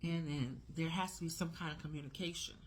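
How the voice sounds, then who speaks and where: A woman in her forties talks straight to her audience in a casual vlog. Her voice is husky and a little breathy, and she leans hard on words, repeating them for emphasis. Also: deep voice, a little fast. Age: 40s. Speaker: vlogger.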